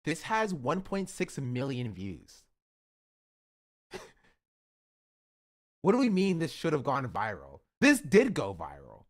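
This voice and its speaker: A man's voice: mid-range voice, wildly swooping pitch, slow, pauses often. A young man streaming live, reacting to videos with joking, mock-outraged rants. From United States.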